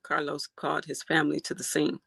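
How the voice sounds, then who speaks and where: Livestream host, outraged reaction commentary, gravelly and sharp-toned, dry close sound. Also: medium pitch, fairly quick, dry recording. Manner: animated, outraged, swears freely.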